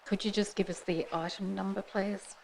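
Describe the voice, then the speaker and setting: A woman, the mayor, chairing a formal council meeting into a desk microphone in a council chamber, with brisk procedural talk and light asides. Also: medium pitch, fairly even intonation, creaky, a little mellow, a little hiss or hum, rough recording.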